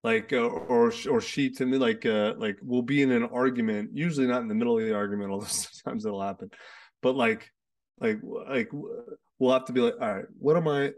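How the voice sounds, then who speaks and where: Man, podcast host, rambling chatty delivery, mid pitch, a bit distant from the mic. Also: fairly even intonation, a little fast. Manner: rambling, many restarts and fillers. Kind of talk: casual conversation. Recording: sits away from the mic.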